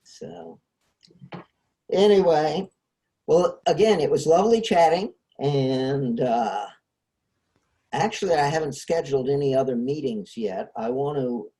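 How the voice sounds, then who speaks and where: A man's voice: on the high side, unhurried, pauses often, warm tone. A man hosting a casual discussion over a video call, explaining ideas with frequent hesitations. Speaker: host.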